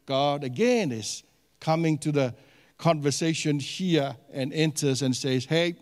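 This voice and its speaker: A man preaching a sermon as a pastor, animated and questioning his congregation, with many fillers and restarts. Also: fairly high pitch, long reverb tail.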